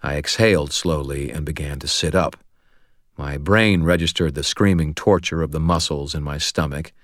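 A man narrating a first-person audiobook in a steady, measured, wry way. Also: a bass voice, no echo, clean studio sound.

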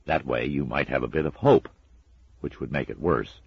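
A man narrating a storybook in a measured, dry and expressive way. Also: a bass voice, gravelly, breathy edge, no echo, lo-fi sound. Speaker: audiobook narrator.

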